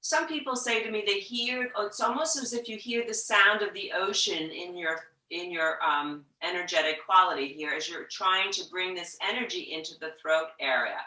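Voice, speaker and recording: Woman yoga teacher, bright clear voice, gentle unhurried guidance, echoey room a little off-mic. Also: fairly low pitch, far from the mic. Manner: slow, gentle guiding with soft whispered breath demos. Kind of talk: guided yoga instruction.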